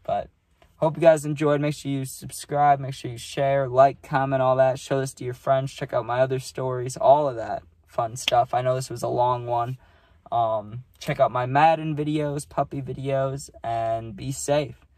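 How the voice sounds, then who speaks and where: A man's voice: medium pitch, little pitch movement, normal speed, darkish tone. A young man telling a casual storytime vlog, rambling with lots of fillers and swearing. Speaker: vlogger.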